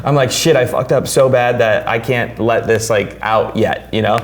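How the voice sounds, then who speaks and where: Male podcast host, mid-range voice, lively storyteller who swears and acts out the quotes. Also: mid-range voice, moderate pace. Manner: animated, swears freely, acts out quotes loudly. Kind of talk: casual storytelling chat.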